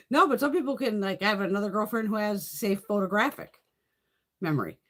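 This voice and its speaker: A woman's voice: mid-range voice, a bit bright. A woman beauty creator chatting casually on a live stream, rambling and swearing freely while answering viewers' comments.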